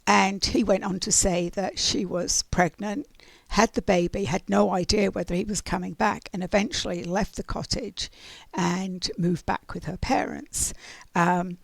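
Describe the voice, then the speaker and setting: Gravelly-voiced woman rambling through a story. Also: mid-range voice, fairly even intonation, unhurried, no echo. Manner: rambling, many fillers and restarts. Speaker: oracle card reader. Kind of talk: casual spiritual storytelling.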